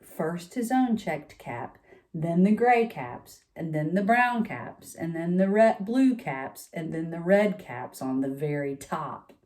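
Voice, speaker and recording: A woman's voice: on the low side, lively intonation, slow, a little mellow. A woman reading a picture book aloud to children, with chatty asides to her young listeners. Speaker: storytime reader.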